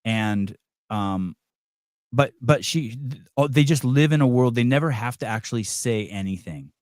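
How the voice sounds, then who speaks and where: A man's voice: mid-range voice, normal speed, a little mellow, dry recording, clean studio sound. A middle-aged man hosting a podcast, talking casually and bluntly with many restarts and fillers. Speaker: podcast host. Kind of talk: casual chat.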